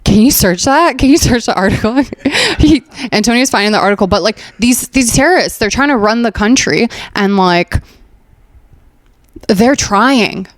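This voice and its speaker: A woman's voice: fairly high pitch, animated, normal speed, dry recording. A young woman from Afghanistan hosting a comedic podcast at home, chatty and sarcastic, laughing often and filling her talk with "like". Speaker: podcast host.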